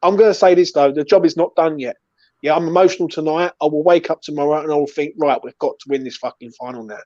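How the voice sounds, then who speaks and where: A man's voice: on the high side, quick pace, dark tone, no echo, muffled recording. A man with a London accent hosting a casual post-match fan chat, passionate and swearing often, tagging "yeah" and "right" onto his lines. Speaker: fan channel host.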